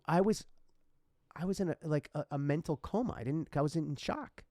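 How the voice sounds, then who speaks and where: A man's voice: medium pitch, moderate pace, mellow, dry recording, clean studio sound. A man co-hosting a podcast who tells a personal story in an earnest, rambling way, with many restarts and asides. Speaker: podcast co-host.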